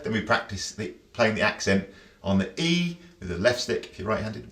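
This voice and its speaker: A man's voice: on the low side, lively intonation, normal speed, fairly bright tone. A man teaching drums in a casual, chatty way, counting and scatting rhythms aloud. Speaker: drum teacher. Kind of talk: casual instructional talk. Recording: roomy echo.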